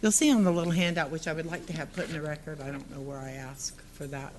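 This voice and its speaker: A woman's voice: low voice, steady tone, fast talker, noisy background. A woman giving public comment at a city council meeting, earnest and partly reading from prepared text.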